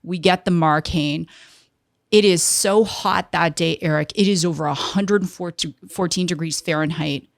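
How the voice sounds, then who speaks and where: Low, gravelly-voiced woman telling a story. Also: measured pace, dry recording. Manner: animated storyteller, acts out quoted people. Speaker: guest, entrepreneur. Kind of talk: storytelling in an interview.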